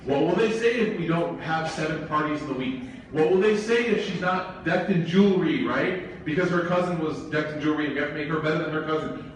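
A man with a fairly high voice gives an informal religious talk, mixing humorous stories with frequent asides. He sounds very echoey and somewhat distant, as if the mic picked him up from across a large hall, with faint noise underneath. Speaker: Islamic speaker.

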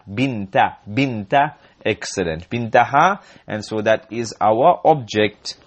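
A man teaching an Arabic grammar lesson, repeating example sentences slowly and asking and answering his own questions, clearing his throat now and then. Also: medium pitch, dull audio.

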